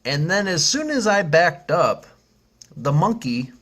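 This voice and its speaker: This vlog host's voice is fairly high, sing-song, a little slow and fairly bright. He's upbeat and rambling, with lots of fillers and restarts, and he screeches like a monkey while telling a funny story.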